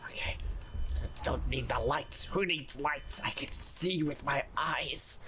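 A woman's voice: very deep voice, slow, fairly bright tone, a little hiss or hum. A woman streamer giving jittery gameplay commentary, talking to herself with whispered asides.

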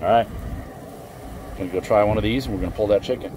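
A man's voice: fairly low pitch, fast. A man from the US hosting a casual cooking vlog at an outdoor grill, exclaiming with enthusiasm over the food. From United States. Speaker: cooking channel host. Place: outdoors at a grill on a windy day. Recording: wind and outdoor noise over the voice.

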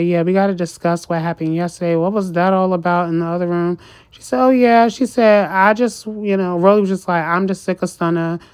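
A woman giving a sassy, casual recap of a reality show, acting out the cast's lines in changing voices and laughing often. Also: fairly low pitch.

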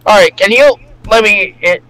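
Excitable high-voiced young man swearing. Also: moderate pace, low-quality recording. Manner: excitable, swears a lot, loud outbursts. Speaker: reaction video host. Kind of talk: casual reaction chat.

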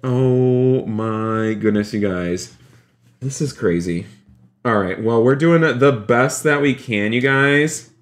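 A man live-streaming a role-play game, excitable, talking straight to his chat. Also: medium pitch, takes it slowly. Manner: excitable, keeps addressing the chat as "you guys".

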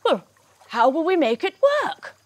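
A woman's voice: sits high, expressive, measured pace. A woman voicing a lonely old male crocodile colonel in a children's yoga story. She speaks in a wistful, sorrowful way. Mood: worried.

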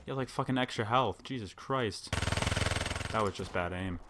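A man's voice: fairly low pitch, normal speed, heavy background noise. A man giving frustrated gameplay commentary, raging and swearing through his outbursts. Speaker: gamer. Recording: loud game gunfire over voice. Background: game gunfire and announcer.

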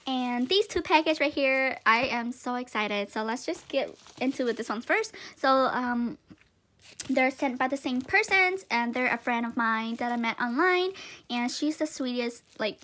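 A high-voiced woman chatting through an unboxing for her channel. She gushes with breathless exclamations and often drops into soft whispers over the items. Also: lively intonation, measured pace. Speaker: vlogger. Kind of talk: excited unboxing chat.

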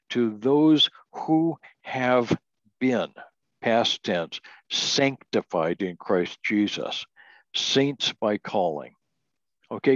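An older man giving a slow, deliberate Bible doctrine lesson, reading scripture aloud and often restarting with "uh". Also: lowish voice, no room sound. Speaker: Bible teacher. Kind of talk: recorded doctrine lecture. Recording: dull lo-fi audio.

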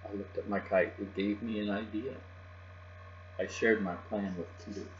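Man reading a kids' storybook, mid-pitched, soft and even; dull lo-fi recording, faint hum. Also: normal speed. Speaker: storybook reader. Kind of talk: reading a picture book aloud.

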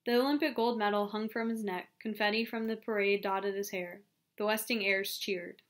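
A woman reading a novel aloud as an audiobook narrator, in a steady storytelling manner. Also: medium pitch, moderate pace. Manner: steady storytelling with small self-corrections. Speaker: audiobook reader. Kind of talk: scripted narration.

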